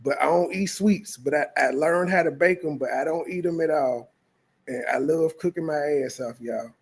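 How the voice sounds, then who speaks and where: Guy with a high voice roasting a video, blunt and cussing a lot. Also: normal speed, gravelly, slightly rough. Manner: mocking, blunt, heavy cursing. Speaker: reaction channel host. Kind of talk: profane reaction commentary.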